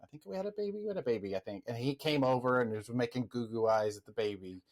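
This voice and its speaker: Man hosting a relaxed interview. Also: medium pitch, fast talker. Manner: warm, affirming listener with short interjections. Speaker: podcast host. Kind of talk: casual interview chat.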